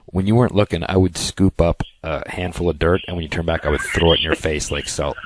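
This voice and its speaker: Very deep-voiced playful podcast co-host. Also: male voice, steady tone, brisk, slight background noise. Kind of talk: casual podcast banter.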